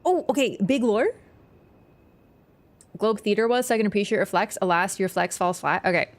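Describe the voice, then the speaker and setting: A young woman chatting casually on a game livestream, quick and self-mocking, laughing often. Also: medium pitch, lively intonation. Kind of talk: casual game-stream chat.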